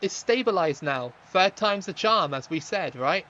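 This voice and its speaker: A young man streaming a football game, chatting with viewers and reacting loudly to the play, on a slightly dull lo-fi mic. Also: high voice, expressive, measured pace, a little hiss or hum. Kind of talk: live gaming stream commentary.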